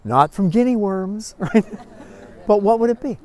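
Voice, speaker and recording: A man teaching a Bible class, telling stories in a folksy, animated way with frequent chuckles. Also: high voice, a little slow. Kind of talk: storytelling Bible lesson.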